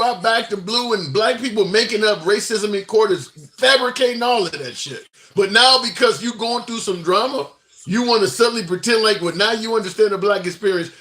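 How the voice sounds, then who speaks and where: Bright-voiced, animated male host. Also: high-pitched, fairly quick. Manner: laughs often, profane and animated. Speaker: talk show host. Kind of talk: casual political debate.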